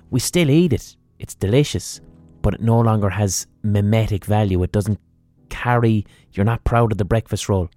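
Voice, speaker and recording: A man's voice: lowish voice, a little mellow, no echo. An Irish man hosting a podcast, giving a mock-serious comic rant full of swearing. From Ireland. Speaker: podcast host.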